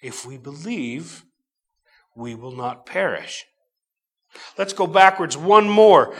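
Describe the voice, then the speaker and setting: Teaching from scripture in a sermon, this middle-aged preacher speaks slowly and with emphasis, moving between booming moments and soft asides. His voice is a little high and animated.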